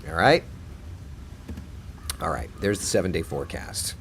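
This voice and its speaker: A man's voice: low voice, lively intonation, a little slow, background noise. A man hosting a casual live chat as a TV meteorologist, playful and chatty as he answers viewers' comments.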